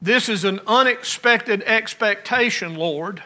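A man preaching a sermon, rising to emphatic lines and dropping to quiet ones. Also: sits high, slow.

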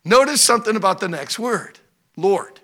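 A male pastor preaching and praying before a congregation, swinging between loud, insistent emphasis and hushed, intimate prayer. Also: sits high, lively intonation, normal speed, slightly rough. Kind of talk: sermon with prayer. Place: church service.

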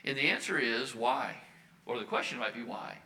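Bright-voiced older American preacher. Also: male voice, medium pitch, moderate pace, rough recording. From United States. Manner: earnest preaching with repeated emphatic phrases. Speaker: Baptist minister. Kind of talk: sermon.

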